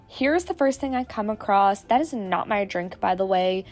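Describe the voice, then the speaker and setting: A woman's voice: mid-range voice, moderate pace, few pauses, soft background music. A woman recording a casual book-shopping vlog voiceover, chatty and upbeat, her voice a little sick from a cold. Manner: chatty and upbeat, excited gasps. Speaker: book vlogger. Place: recorded at home after the shopping. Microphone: voiceover mic.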